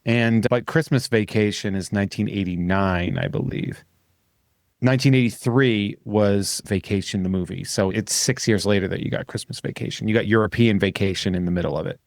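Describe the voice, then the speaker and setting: Man, podcast co-host, lowish voice, wry and opinionated, dry sound. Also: gravelly, no echo. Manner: wry, opinionated, quick jokes. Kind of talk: casual podcast chat.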